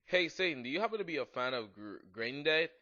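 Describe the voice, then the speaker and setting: A man's voice: a little high, big pitch swings, fast, sharp tone. Man doing a ditzy goth teen girl. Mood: airheaded. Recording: dull lo-fi home mic.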